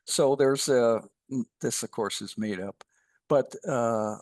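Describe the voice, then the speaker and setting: A man speaking as a guest commentator on a podcast, halting and full of fillers, telling dry jokes. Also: mid-range voice, a little mellow, no echo. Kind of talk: casual podcast chat.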